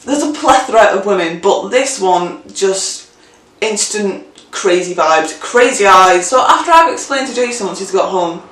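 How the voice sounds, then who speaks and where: A young woman telling a story in a casual vlog, animated and chatty, swearing freely. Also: mid-range voice, moderate pace, recorded from a distance. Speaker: vlogger. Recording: roomy, mic set back.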